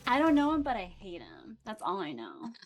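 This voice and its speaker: A woman playing in a tabletop game, excitable and casual, swearing now and then. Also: mid-range voice, normal speed, slight background noise. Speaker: player.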